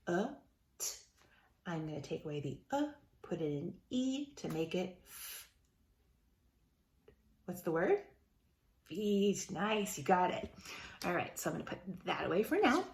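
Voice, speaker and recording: Gravelly woman teacher sounding out words. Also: lowish voice, a little mellow, reverberant. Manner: slow, sounds out words, encouraging. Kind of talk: remote phonics lesson for young children.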